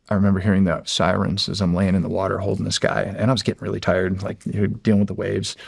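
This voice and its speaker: A middle-aged man from the United States, a former Navy SEAL, telling a story in a casual, halting way with many restarts. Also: lowish voice, no echo, clean studio sound. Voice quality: gravelly, husky voice.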